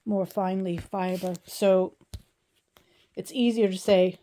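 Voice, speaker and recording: A woman's voice: mid-range voice, steady tone, slow, long pauses, warm tone. A woman hosting a knitting podcast, chatting casually as she shows and lists her yarns. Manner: chatty, listing items with small laughs. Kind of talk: casual show-and-tell vlog.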